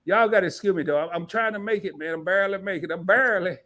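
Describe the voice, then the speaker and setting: Animated, joking man hosting a live stream. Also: sits high, very fast. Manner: animated, joking, talks straight to viewers. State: sore from a fall. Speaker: host. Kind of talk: casual live-stream chat.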